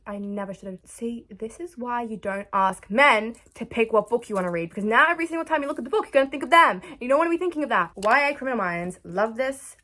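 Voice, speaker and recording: A woman's voice: fairly high pitch, a bit bright. A young woman in a casual vlog, chatting and gushing as she reviews books, trailing off mid-sentence as she searches for words. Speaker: book vlogger.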